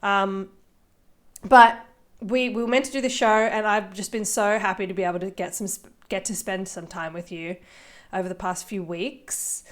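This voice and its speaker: A woman's voice: medium pitch, fairly even intonation, moderate pace. Australian woman, podcast host, playful and theatrical, chatty comedic delivery. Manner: playful, theatrical, jumps between loud and soft. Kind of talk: casual podcast chat.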